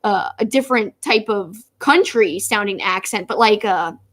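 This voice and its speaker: A woman co-hosting a wrestling review show, chatting casually in an animated way that drifts into tangents. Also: medium pitch, normal speed.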